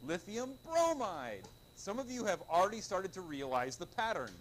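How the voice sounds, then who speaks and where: A middle-aged male chemistry teacher lecturing a class, his pitch leaping up and down as he quizzes the room with playful jokes. His voice sits a little high for a man. Faint classroom noise hums behind him. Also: normal speed. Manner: lively, joking, quizzes the class with call-and-response.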